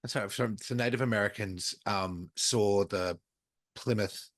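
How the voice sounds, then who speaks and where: Lowish-voiced Australian man, chatty. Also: measured pace, no room sound. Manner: chatty, playful, swears casually. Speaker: podcast co-host. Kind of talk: casual chat.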